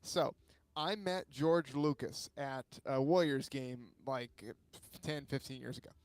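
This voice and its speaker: A man's voice: mid-range voice, measured pace, clean tone, no room sound. A man hosting a talk show, rambling and repeating words as he tells a story. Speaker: show host. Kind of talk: casual chat.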